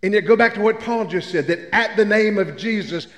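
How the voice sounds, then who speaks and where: An older preacher from Memphis delivers a sermon full of folksy, humorous stories. His voice sits high for a man. The sound rings through a church hall with a long reverb. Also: fairly quick. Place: church sanctuary.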